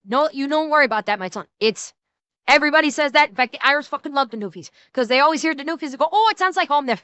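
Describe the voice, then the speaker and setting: A woman's voice: high-pitched, expressive, racing, fairly bright tone, no room sound. A woman voicing a brash, scolding Newfoundland woman with a thick accent and a mocking, sing-song delivery, as part of a streamer reaction rant. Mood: sing-song boast. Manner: mocking, sing-song, heavy dialect slang.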